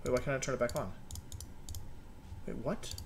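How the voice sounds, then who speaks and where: A man's voice: mid-range voice, moderate pace, creaky, slight background noise. Rambling young man at his desk. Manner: rambling, self-mocking, talks to himself. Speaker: gaming video creator. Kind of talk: casual streaming chatter. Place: home room at a desk.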